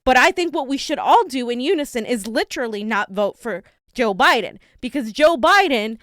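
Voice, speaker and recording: A woman's voice: a little high, expressive, normal speed, a bit bright, no echo, studio quality. A woman co-hosting a casual political chat show, fired-up and indignant, ranting with many restarts. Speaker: co-host.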